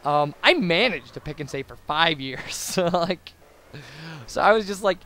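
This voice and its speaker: High-voiced rambling young guy. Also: expressive, unhurried, bright, forceful tone, slight background noise. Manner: rambling and babbling, lots of fillers and tangents. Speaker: let's play commentator. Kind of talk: casual post-commentary chat over gameplay.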